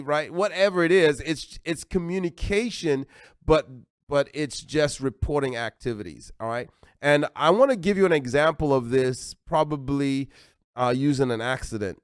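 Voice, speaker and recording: A man with an American accent preaching a sermon as pastor, animated and acting out little everyday dialogues. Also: on the high side, moderate pace, smooth, no room sound, studio quality.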